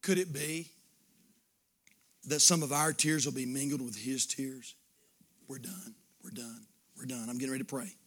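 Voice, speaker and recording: Fervent preacher, bright-toned man. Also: mid-range voice, fairly even intonation, normal speed, slightly rough. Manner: swings from shouting fervor to hushed pleading. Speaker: pastor. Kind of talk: sermon with altar call.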